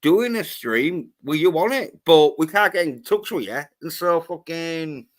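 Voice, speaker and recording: A man's voice: fairly high pitch, animated, a little slow. A man hosting a livestream, ranting angrily and swearing constantly in a rambling way. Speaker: livestream host. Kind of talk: profane livestream rant.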